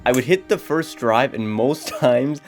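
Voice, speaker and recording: A man's voice: mid-range voice, measured pace, faint music behind. A teenage man from North Dakota with a slight North Dakota accent, hosting a sarcastic, self-mocking comedy vlog. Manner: sarcastic, jokey, self-deprecating. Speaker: YouTuber.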